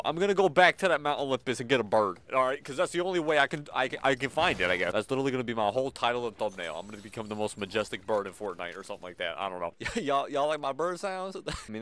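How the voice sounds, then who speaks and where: Excitable fast-talking gamer guy. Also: medium pitch, a little hiss or hum. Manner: excitable, reacting loudly, talking to viewers. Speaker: gaming video creator. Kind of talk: live gameplay commentary.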